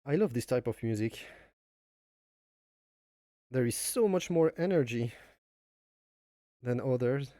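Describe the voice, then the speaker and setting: He's a man from France streaming himself cooking in his home kitchen, speaking non-native English with a nasal French accent. His mid-range, dark voice is animated but unhurried, with long pauses, recorded as clean studio sound without echo. He rambles on, makes jokes about himself and chuckles often.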